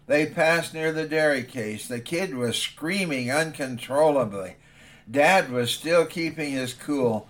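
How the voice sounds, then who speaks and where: A man's voice: on the high side, slow, fairly bright tone. Man preaching in a storytelling way. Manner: conversational storytelling. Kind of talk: sermon with humorous story.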